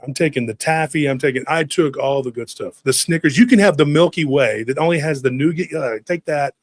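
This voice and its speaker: Animated storytelling man, higher voice, dry sound. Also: brisk, dry recording. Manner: animated, acts out family members' voices, swears casually. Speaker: podcast host telling a childhood story. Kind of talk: casual storytelling.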